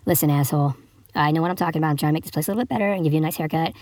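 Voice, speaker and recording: A man's voice: fairly high pitch, very fast, darkish tone, dry recording, natural voice. A man voicing a cocky, know-it-all ancient fabulist in a comic story, speaking in a profane, defensive way. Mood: defiant.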